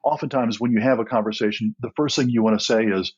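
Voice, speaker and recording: Middle-aged male guest, husky, earnest storyteller who restarts often, dull lo-fi sound. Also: mid-range voice, fast talker. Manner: earnest, with frequent restarts and soft laughs. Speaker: guest, nonprofit co-founder. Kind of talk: storytelling in a podcast interview.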